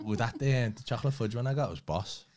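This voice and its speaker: A man's voice: mid-range voice, fast. A man, co-hosting a casual podcast, joking and swearing. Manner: lively, jokey, swears. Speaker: podcast co-host.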